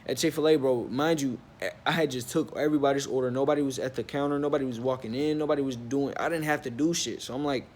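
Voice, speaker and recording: A young man with a middle-height voice tells a story straight to the camera. His talk is loose and slangy, full of "like" and "bro" and plenty of swearing. When he gets heated, his pitch jumps up. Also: quick pace, a little hiss or hum. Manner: animated, with bursts of rising pitch when worked up. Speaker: vlogger telling a story. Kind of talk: storytime vlog, casual chat.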